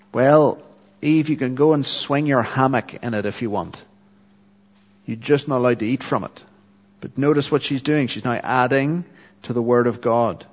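A man's voice: medium pitch, normal speed. Earnest male preacher in a reverberant hall. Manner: earnest teaching with filler ums and ahs. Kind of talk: expository sermon. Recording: dull, lo-fi hall recording.

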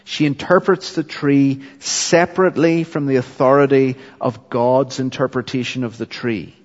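A man preaching an expository sermon with earnest, steady teaching and occasional ums. His voice carries a long reverb, as if recorded in a large hall. The sound is somewhat dull and lo-fi. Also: medium pitch, normal speed.

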